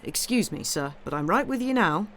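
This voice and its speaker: A woman's voice: lowish voice, lively intonation, moderate pace, slight background noise, natural voice. A woman voicing a tipsy, deferential male coachman in a read-aloud story, apologetic and servile.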